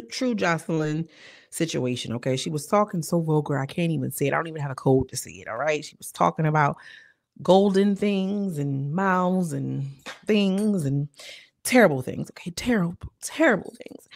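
A woman reviewing a reality TV episode in casual, slangy, animated commentary. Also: on the low side, moderate pace, gravelly. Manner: animated, slangy, acts out quotes.

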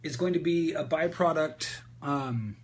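A man coaching an audience on a group call, answering their questions about voice and speaking in a candid, energetic way with frequent fillers. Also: fairly high pitch, measured pace. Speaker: voice and presentation coach. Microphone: video call.

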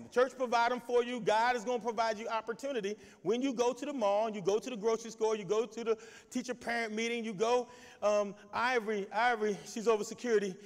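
A male pastor preaching an exuberant sermon, shouting and calling out to his congregation for responses. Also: high voice, in a large hall. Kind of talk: lively sermon with call and response.

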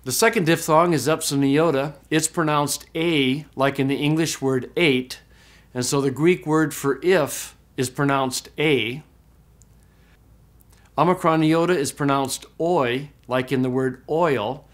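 A man teaching a recorded class, explaining step by step, often checking in with "okay?", and slowing way down to model pronunciations. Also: mid-range voice. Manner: slow, drawn-out demonstration of pronunciations. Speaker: Greek teacher.

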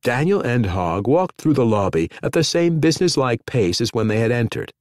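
An expressive male storyteller with a mid-range voice narrates a scripted audiobook at a moderate pace. The sound is dry and studio grade.

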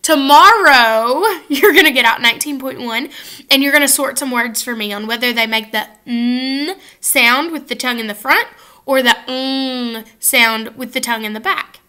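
A woman teaches a children's phonics lesson to the camera in a high, bright voice. She is upbeat and slows down to model each sound clearly for the kids to repeat. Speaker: first grade teacher. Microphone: facing camera at close range.

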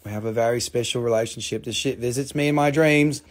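A middle-aged man hosting a live crystal sale, chatty and playful, showing stones and calling out prices. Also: fast talker. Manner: playful, chatty, jumps into squeaky high joke voices. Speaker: live-stream crystal seller. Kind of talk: casual live sales chat.

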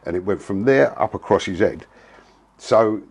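A man's voice: lowish voice, moderate pace, gravelly, darkish tone, husky. A man, telling a story in a blunt, casual way, full of slang and swearing. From England. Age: 60s. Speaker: interviewee.

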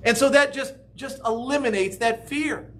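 Male pastor, high and bright voice, chatty sermon delivery. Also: normal speed, a little hiss or hum. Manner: conversational, animated, keeps asking "right?".

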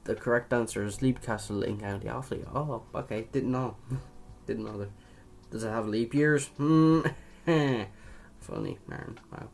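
A man's voice: mid-range voice, measured pace, gravelly, darkish tone, slight background noise. A young man from Ireland doing casual quiz commentary, chatty, swearing casually and laughing at his own jokes. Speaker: video creator.

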